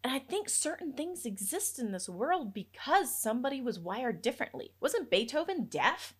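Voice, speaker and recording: Woman, thirties, from Africa, podcast host, casual talk, very expressive pitch, quoting herself. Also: moderate pace, hardly any pauses, slightly rough. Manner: lively, chatty, laughs often, quotes herself.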